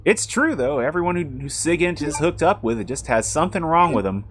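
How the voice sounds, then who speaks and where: A man's voice: a little high, expressive, brisk, few pauses, slight background noise. A man streaming a video game, chatting casually with rambling, jokey asides as he plays. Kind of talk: casual live-stream commentary.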